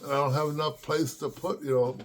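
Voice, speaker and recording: A man's voice: fairly high pitch, level tone, brisk, slight background noise. An older man from the Los Angeles area reminiscing at home in a rambling, casual way, with many fillers and restarts. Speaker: vlogger. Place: at home with his dogs.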